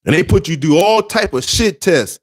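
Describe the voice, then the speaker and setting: A man's voice: high voice, animated, moderate pace. A man giving relationship advice to other men in an emphatic, preachy monologue, repeating his points. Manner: emphatic, repetitive, street-preacher cadence.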